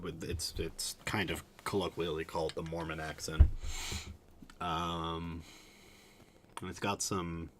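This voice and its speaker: A man's voice: low-pitched, a bit bright, slight background noise. A young man from Utah with a subtle Utah accent, chatting casually to his stream in a rambling, hesitant way with lots of fillers. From Utah, USA.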